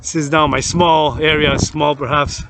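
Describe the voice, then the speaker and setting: Vlogger, male, somewhat high voice, rambling and repetitive monologue, recorded outside with heavy traffic noise. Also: little pitch movement, unhurried. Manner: repetitive, lists things over and over. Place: outdoors near a street with passing vehicles. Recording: loud traffic noise outdoors.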